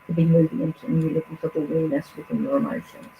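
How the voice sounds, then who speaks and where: A woman hosts a live tarot reading and speaks in a low, unhurried voice. She muses aloud, trailing off and restarting often. The stream audio is dull and lo-fi, with a faint hiss underneath. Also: big pitch swings. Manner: musing, hesitant, many fillers and restarts. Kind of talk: live card reading, casual.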